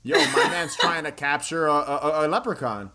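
A man's voice: on the high side, sing-song, normal speed, vocal fry, over a noisy crowd. A man chatting casually while reacting to a show with friends, laughing often and swearing freely. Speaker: co-host watching a show.

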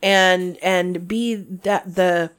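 A woman's voice: on the low side, fairly even intonation, extremely slow, smooth. A woman co-hosting a podcast, chatting in a casual, opinionated way. She reads a book aloud between her comments and uses plenty of fillers. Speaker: podcast co-host.

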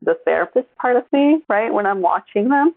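Gravelly-voiced woman chatting on a tinny line. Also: medium pitch, brisk, no room sound. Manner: chatty, animated storytelling. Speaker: podcast co-host. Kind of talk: casual chat.

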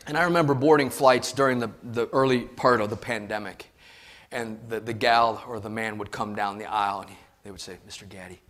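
A middle-aged male pastor preaches a sermon in a mid-pitched voice. He tells stories with emphasis, rising to near-shouts and dropping to hushed asides.

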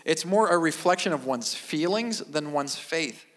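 A middle-aged man preaching a sermon as pastor, with a deadpan, self-mocking humor and emphatic repetition. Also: fairly high pitch, unhurried. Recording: long reverb of a large hall.

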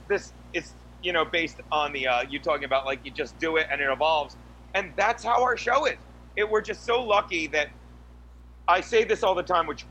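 Man, high voice, bright tone, profane rambling podcast chat, faint background hum. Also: low-quality recording. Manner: many restarts and fillers. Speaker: podcast co-host, guest. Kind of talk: crude casual podcast chat.

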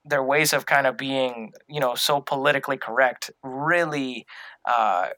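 A man in a relaxed conversation, his voice bright and a little forceful. He rambles, circling back with fillers and restarts. The recording is dry and close. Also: medium pitch, measured pace, no room sound, low-quality recording. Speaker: podcast co-host. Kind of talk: casual fan discussion.

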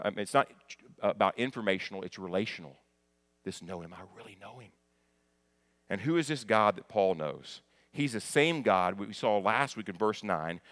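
A middle-aged male pastor preaching a conversational sermon, moving between quiet explanation and loud, emphatic passages. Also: on the low side.

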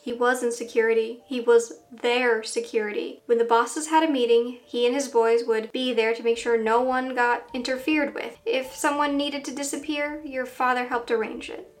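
A woman's voice: fairly high pitch, fairly even intonation, normal speed, hardly any pauses, close to an everyday voice. A woman voicing a worried middle-aged mother whose talk turns serious and confessional. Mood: grave. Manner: soft, then serious and confessional.

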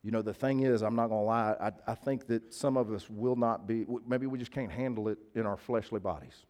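A man's voice: on the low side, a little fast, darkish tone. Casual, folksy male preacher. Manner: conversational, folksy, asks the crowd to agree. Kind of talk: sermon.

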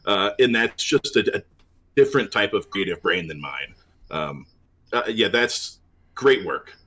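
A man's voice: lowish voice, lively intonation, measured pace, sharp tone. A man co-hosting a casual chat over a call, earnest and full of "uh" fillers. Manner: earnest, complimentary, hesitant with many fillers. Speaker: podcast co-host. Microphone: remote call with dropouts.

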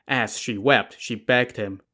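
A man's voice: mid-range voice, slow, pushed and bright. A man narrating a classic tale casually, with wry, sarcastic asides. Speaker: storyteller.

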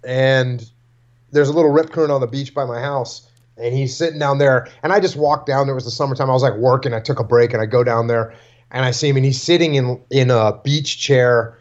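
A man's voice: mid-range voice, fairly quick. Dull-sounding man telling family stories. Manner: animated storyteller acting out family quotes. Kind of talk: casual storytelling chat.

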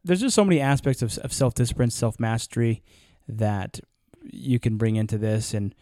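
A man co-hosting a podcast, easygoing and quick with joking asides. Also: medium pitch, warm tone, no echo, clean studio sound. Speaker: podcast co-host. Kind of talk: casual podcast talk.

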